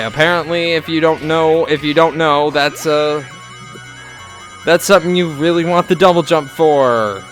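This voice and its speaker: A young man giving casual let's-play commentary, rambling and halting with lots of fillers and restarts. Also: on the high side, fairly even intonation, a bit bright, faint music behind. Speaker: gameplay commentator.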